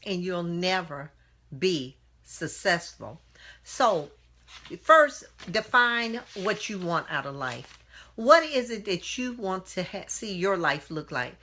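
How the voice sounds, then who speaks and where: A woman's voice: mid-range voice, pushed and bright. A woman speaking as an inspirational speaker on a live stream, earnest and full of rhetorical questions, greeting viewers by name. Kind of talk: motivational talk to live viewers.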